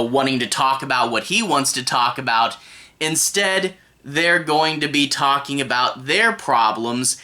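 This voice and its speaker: A young man talks through a TV episode in a loose, rambling review, circling back and restarting his thoughts. His voice sits a little high for a man and has a sharp, forceful brightness. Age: young adult. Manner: rambling, conversational, with frequent restarts. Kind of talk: casual spoken review.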